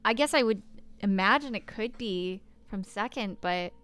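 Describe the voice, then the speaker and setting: A young woman streaming a game, talking casually and hesitantly, breaking off and dropping into soft whispers. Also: mid-range voice, lively intonation, moderate pace, clean tone. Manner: hesitant, self-interrupting, with soft whispered asides. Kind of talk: casual gameplay commentary.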